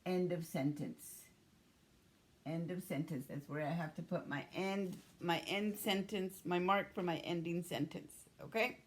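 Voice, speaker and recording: A woman's voice: on the low side, fairly even intonation, unhurried, slight background noise. A woman teacher leading an early-grade writing lesson, patiently sounding out letters and words.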